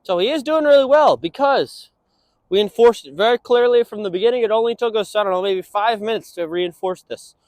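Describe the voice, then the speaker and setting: A young male dog trainer talks through a lesson in a relaxed, conversational way. His pitch swings widely, jumping up into bright sing-song praise for the dog. The sound is dry and close, with little room around it. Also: brisk, no room sound. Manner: casual explaining, breaking into high sing-song praise for the dog. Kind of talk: instructional walk-and-talk.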